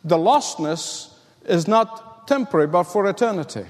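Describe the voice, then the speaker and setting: A man's voice: high-pitched, animated, moderate pace, big-room sound, soft background music. A middle-aged man preaching a sermon, telling stories and building emphatic repeated lines. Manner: storytelling, emphatic, repetitive build-ups. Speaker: pastor.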